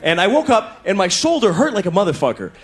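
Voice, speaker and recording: Middle-aged guy doing stand-up, kinda high voice, jumps all over the place, little bit of hiss behind. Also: quick pace. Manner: animated storytelling, acting out voices and moans. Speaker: stand-up comedian. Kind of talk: stand-up comedy routine.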